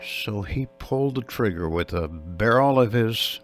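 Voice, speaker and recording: A man's voice: lowish voice, expressive, unhurried, soft background music. A male radio host interviewing a guest, affirming his answers and summing up the story.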